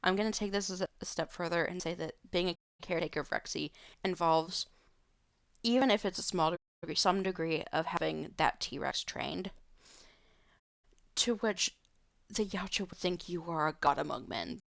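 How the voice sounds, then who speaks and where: Creaky-voiced woman streamer chatting casually. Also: on the low side, normal speed, a bit bright, no echo, clean studio sound. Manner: loose and rambling, with many fillers and restarts. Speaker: live streamer. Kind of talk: casual chat answering viewer questions. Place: home room.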